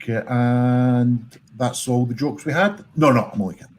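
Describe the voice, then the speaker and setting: A man's voice: mid-range voice, moderate pace. A man co-hosting a pun show, reading out listener jokes with playful asides. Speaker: co-host reading listener puns. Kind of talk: casual banter.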